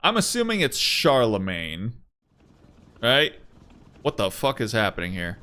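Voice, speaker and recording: A man's voice: on the low side, huge pitch swings, measured pace, pauses often, bright, forceful tone, faint music behind. Casual, swearing male game streamer. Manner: casual, profane, rambling.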